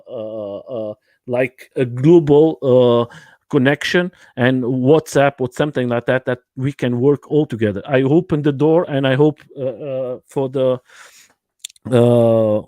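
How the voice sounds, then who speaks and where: Halting man hosting a livestream from home. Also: mid-range voice, mellow, no echo. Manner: halting non-native English, many fillers and restarts. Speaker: livestream host. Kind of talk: casual livestream interview talk.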